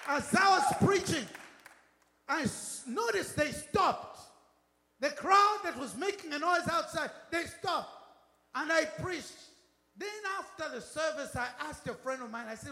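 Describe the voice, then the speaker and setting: A man preaching a fervent sermon with a British accent, often shouting and calling for the congregation's response. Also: extremely high pitch, a little slow. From Britain. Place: church. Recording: echoey church hall.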